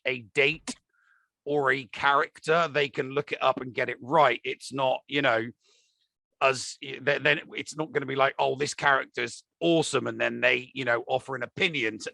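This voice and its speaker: A British man co-hosts a podcast, rambling through loose casual chat full of fillers and restarts. His voice is gravelly and bright. It sounds dry and close to the mic. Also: mid-range voice, steady tone, moderate pace, no echo. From United Kingdom. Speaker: podcast co-host.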